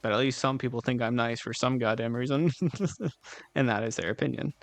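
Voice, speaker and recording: A man's voice: mid-range voice, normal speed, no room sound, faint music behind. A man streaming and chatting casually with his viewers, rambling in a laid-back way, swearing now and then and giggling often. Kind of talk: casual chat with live chat.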